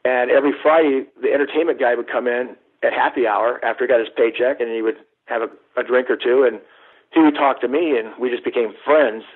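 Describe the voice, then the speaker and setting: A man's voice: medium pitch, brisk. A middle-aged man, a guest photographer, telling rambling, profane stories over the phone. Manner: rambling, profane, acts out quoted dialogue. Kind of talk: casual storytelling. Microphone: phone call. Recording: tinny phone line.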